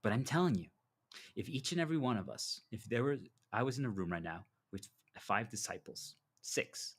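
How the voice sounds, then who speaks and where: A man's voice: medium pitch, normal speed, slightly rough. A man delivering a preachy motivational monologue as a self-styled spiritual guide, telling stories and acting out dialogue. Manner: preachy, animated storytelling with acted dialogue.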